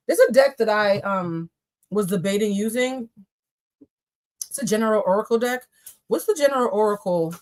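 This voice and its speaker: A young woman hosts a live tarot reading, talking straight to her viewers in a loose, joking way. She swears freely and teases each sign. Her voice sits in an ordinary middle range for a woman. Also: mid-range voice. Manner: chatty, profane, joking asides to viewers. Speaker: tarot reader.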